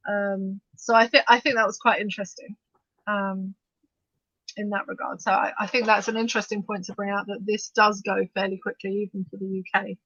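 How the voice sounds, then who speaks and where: A woman co-hosting a podcast, talking fast and animatedly in bursts, with frequent restarts as she discusses the news. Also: mid-range voice, flat delivery, fairly bright tone, dry recording. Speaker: podcast co-host. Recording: dull, dry lo-fi sound.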